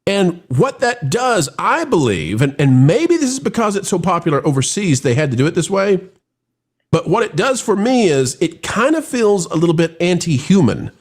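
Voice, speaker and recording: A man hosting a live film review show, talking in an animated, rambling way with frequent restarts. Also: sits high, normal speed, husky.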